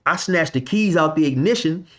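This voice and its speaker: A man's voice: fairly high pitch, lively intonation, normal speed, a bit bright. A man casually telling a story from his past in loose slang, filling it with "you know" and "man.". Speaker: vlogger telling a street story.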